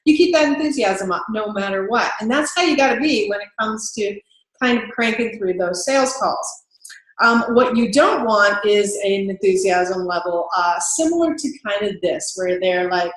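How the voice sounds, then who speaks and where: A woman's voice: medium pitch, moderate pace, reverberant, rough recording. A woman sales trainer giving an upbeat talk to camera, laughing often and acting out sample phone calls.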